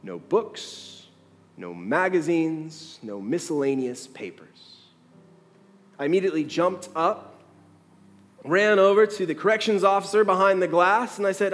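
Male pastor, storytelling sermon, fairly high voice, long hall reverb, faint music behind. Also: unhurried, long pauses. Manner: animated storyteller, acts out the dialogue.

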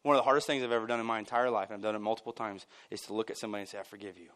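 A man preaching a sermon at a church service. His voice jumps high and loud on his points, then falls low and quiet. Between those points he drops in casual asides with a chuckle. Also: very fast, clean tone. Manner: animated and emphatic, swinging from loud bursts to near-quiet. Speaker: pastor.

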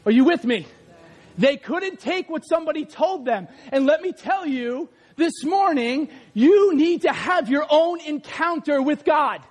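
Man preaching, very high voice, animated, acts out scenes, shouts at peaks. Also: a little slow. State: out of breath after acted run. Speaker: pastor. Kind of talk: lively sermon.

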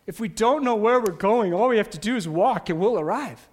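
A man preaching a sermon to his church, animated, swinging from loud emphatic bursts down to soft, quiet points. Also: high-pitched, normal speed, hardly any pauses. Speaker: pastor.

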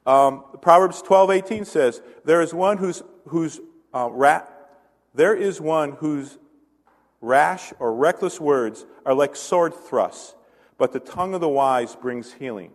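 A man's voice: fairly high pitch, slow pace, long reverb tail. A male pastor preaching a conversational sermon, asking the congregation questions and adding self-deprecating asides.

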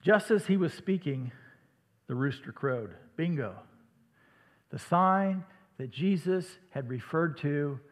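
A man from Iowa with a slight Midwestern accent, preaching a sermon in a conversational way that sometimes drops to a hush. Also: medium pitch. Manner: conversational, dramatic dips to a hush. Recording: long hall reverb.

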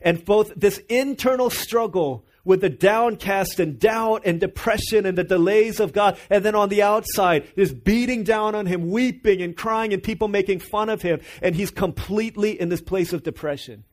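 A man's voice: high-pitched, normal speed. A man preaching a sermon, earnest and emphatic, asking the congregation rhetorical questions. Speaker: pastor.

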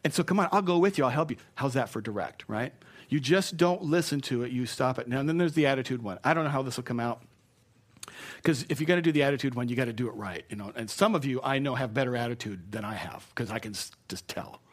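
A man's voice: medium pitch, fast talker. A man preaching a sermon in a conversational, self-deprecating way, often repeating his key phrases.

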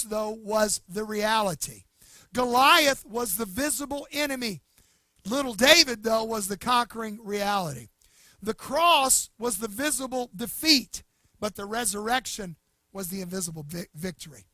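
A man pastor preaching a sermon with emphasis, swinging between loud bursts and hushed, slow lines. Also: high voice, dry recording.

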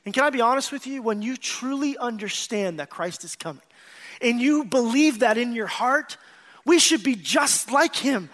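A man with a strikingly high voice preaches a sermon to his church. He is earnest and personal, swelling into emphatic bursts and then dropping low and confiding, and he calls out to the congregation for agreement. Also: animated, moderate pace, a bit bright. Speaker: pastor.

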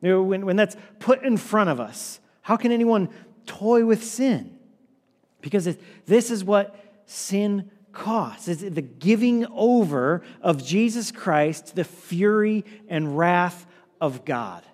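High-voiced pastor preaching in a reverberant hall. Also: male voice, animated, slow. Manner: earnest preaching, repeats words, drops low and quiet for emphasis. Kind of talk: sermon.

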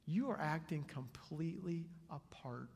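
A male pastor preaching a sermon with earnest swings between soft and loud delivery, in a church sanctuary. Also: a little high, expressive, a little slow, gravelly, breathy edge. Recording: long hall reverb.

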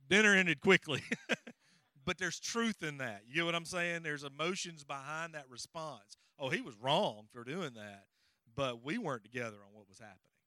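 A man's voice: a little high, lively intonation, normal speed, pushed and bright, dry recording, studio quality. A middle-aged man, co-presenting a parenting seminar in a folksy, rambling way with stories and audience check-ins. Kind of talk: conversational teaching with personal stories.

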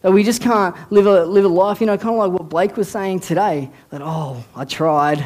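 A man's voice: sits high, a little fast, a little mellow. Man preaching a casual sermon. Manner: conversational, repeats words, acts out quoted voices. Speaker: youth pastor.

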